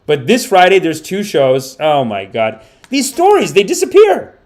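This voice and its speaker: Animated rambling male comedian. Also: high-pitched, unhurried. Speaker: comedian and podcast host. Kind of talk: casual livestream commentary.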